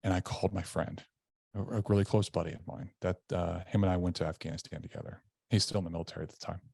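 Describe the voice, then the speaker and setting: A man with a low, deep voice tells a personal story in an earnest, conversational way. The sound is dry and close, with no room around it. He recounts events candidly and in vivid detail, as a guest on a podcast. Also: fairly even intonation, fast talker, vocal fry, mellow, no echo. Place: indoor room.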